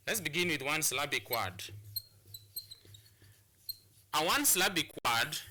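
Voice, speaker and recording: A Kenyan man teaches a televised English lesson in a bright, sharp and strained voice that sits a little above the usual pitch. He explains step by step, often repeating himself and restarting his phrases as he addresses the students. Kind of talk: classroom lesson on English pronunciation.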